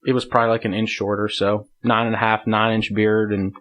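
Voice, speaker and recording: A man's voice: on the low side, flat delivery, brisk, fairly bright tone. A man as a podcast guest, telling a hunting story in casual conversation, laughing often and rambling with lots of filler words.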